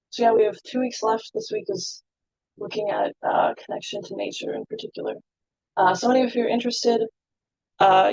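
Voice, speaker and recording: A woman reading her poetry at an online open mic, slow and soft, out of breath, then chatting with fillers. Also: mid-range voice, gravelly, dry recording, highs cut off. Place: home, online video call.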